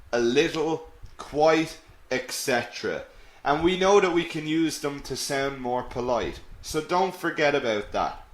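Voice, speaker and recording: A man teaching English in a live online webinar, explaining patiently and answering questions from learners. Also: on the high side. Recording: echoey room.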